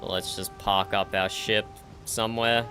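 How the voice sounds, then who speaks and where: A man's voice: on the low side, steady tone, measured pace, bright, forceful tone, faint music behind. An Australian man chatting casually during an online roleplay game, laughing often and repeating his own phrases. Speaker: roleplay streamer.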